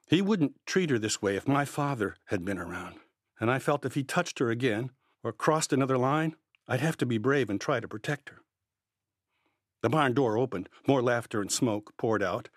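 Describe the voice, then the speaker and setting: A man narrating a first-person story in a measured, quietly tense way. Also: mid-range voice, no echo, clean studio sound.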